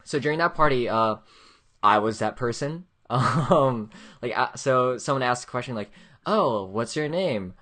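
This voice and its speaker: A woman's voice: extremely low pitch, moderate pace, a bit bright. A woman hosting a podcast in casual chat, laid-back and slangy with lots of likes. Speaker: podcast host.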